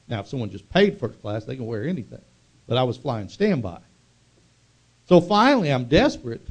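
A man's voice: fairly high pitch, a little mellow. A male pastor preaching a sermon with call-and-response, telling stories and building to fervent proclamation.

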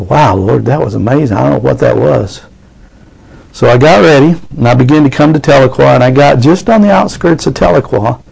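Gravelly-voiced fervent preacher man. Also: mid-range voice, low-quality recording. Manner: fervent, rising to excited preaching. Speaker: pastor. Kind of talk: sermon.

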